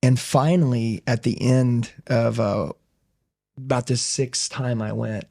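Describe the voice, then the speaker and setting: A man's voice: medium pitch, steady tone, slow, gravelly, dark tone. A middle-aged man telling his life story as a podcast guest, intense and emphatic, swearing casually. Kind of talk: conversational interview storytelling.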